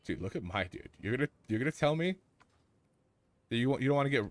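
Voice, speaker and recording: A man streaming a game live, joking excitedly with his chat and teammates as he plays. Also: medium pitch, fast talker. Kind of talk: live gameplay commentary.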